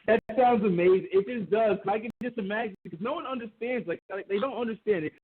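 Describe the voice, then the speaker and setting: A man from New England chatting excitedly on a podcast and laughing often. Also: high-pitched, quick pace, crowd noise. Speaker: podcast co-host. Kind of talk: casual chat. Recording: tinny phone-like line.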